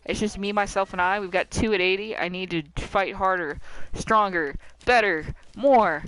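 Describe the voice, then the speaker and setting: A game streamer talking through a hectic fight, playful and theatrical, chatting straight to the characters on screen. The voice is smooth and clean at a middle pitch. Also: normal speed, a bit bright, low-quality recording. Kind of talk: playing a video game and commentating live.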